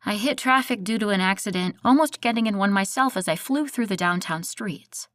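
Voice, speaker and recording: A woman's voice: medium pitch, a little fast, fairly bright tone, dry recording. Woman narrating an audiobook, dry close sound. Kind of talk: first-person audiobook narration.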